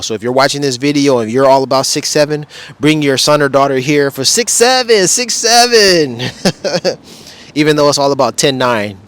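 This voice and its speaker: Easygoing male vlogger who rambles in slang while talking to camera outside. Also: medium pitch. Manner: rambling, laid-back slang. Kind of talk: casual vlog. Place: outdoors beside a wall display.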